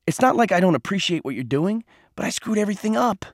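A man's voice: on the high side, animated, moderate pace, a little mellow, no echo, studio quality, natural voice. Man voicing a shaky troubled teenage boy. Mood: pleading. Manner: emotional, voice trembling.

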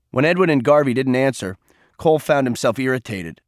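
A male narrator reads a novel with measured, even storytelling. His voice sits at a middle pitch, recorded dry and close with no room sound. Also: no echo. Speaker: audiobook narrator. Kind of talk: scripted narration.

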